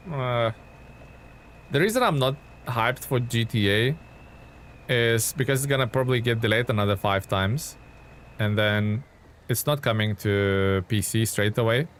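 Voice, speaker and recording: A man's voice: medium pitch, a little hiss or hum. A man streaming a game live, chatting casually with viewers and rambling through his thoughts with frequent restarts. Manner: rambling, restarts often, answers chat by name.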